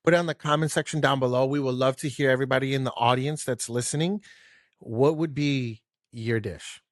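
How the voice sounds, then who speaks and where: A man's voice: mid-range voice, steady tone, fairly quick, dry recording, clean studio sound. A man hosting a casual podcast chat, talking loosely and chiming in with frequent affirmations. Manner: chatty, frequent affirming fillers. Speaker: podcast host.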